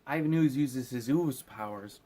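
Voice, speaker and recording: Drunk dude recapping a movie, mid-pitched voice, curses a lot, faint hiss behind. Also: male voice, measured pace, warm tone. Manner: rambling, swearing, laughing at his own jokes.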